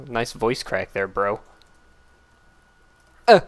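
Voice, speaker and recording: A man giving casual gameplay commentary, blurting out excited exclamations and complaints at the game as he plays. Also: mid-range voice, measured pace, clear, resonant tone. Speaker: let's play gamer.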